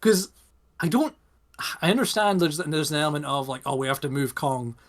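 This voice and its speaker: A man's voice: a little high, fairly quick. A young British man co-hosting a podcast, rambling in casual chat and firing off rhetorical questions. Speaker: podcast co-host.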